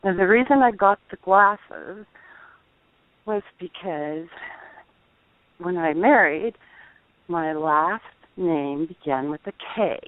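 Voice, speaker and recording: A middle-aged woman calling in, telling a personal testimony in an earnest, halting way, over the phone. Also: on the low side, lively intonation, no echo. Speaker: caller. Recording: tinny dry phone line.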